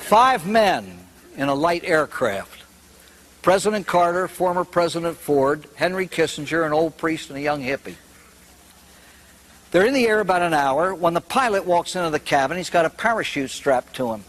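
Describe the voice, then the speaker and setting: A man's voice: on the high side, expressive, moderate pace, fairly bright tone, poor audio. An older man, a priest, telling humorous stories animatedly and acting out the characters. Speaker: priest and speaker. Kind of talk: humorous storytelling talk.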